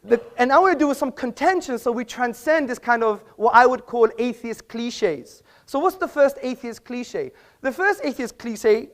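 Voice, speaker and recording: A man giving a formal debate speech in an auditorium, combative and pointed, quoting sources at length. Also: very high voice. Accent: British. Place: auditorium with an audience.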